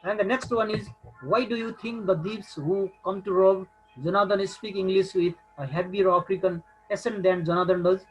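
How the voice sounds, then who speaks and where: A man's voice: sits high, fairly even intonation, normal speed, a little hiss or hum, poor audio. A man with a Nepali accent teaching a recorded English lesson, hesitant and full of filler sounds.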